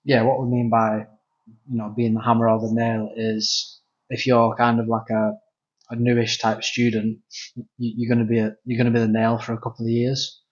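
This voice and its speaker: A man's voice: medium pitch, completely flat delivery, moderate pace. A man with a Manchester accent explaining grappling ideas earnestly, with lots of fillers. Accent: Northern English, Manchester. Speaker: podcast co-host and grappling coach. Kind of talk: casual chat. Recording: dull lo-fi sound.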